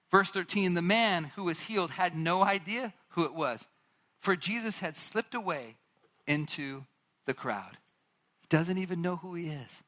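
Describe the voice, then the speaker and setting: A man preaching a sermon, retelling a Bible story with animated asides and acted-out lines from its characters. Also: sits high. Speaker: pastor.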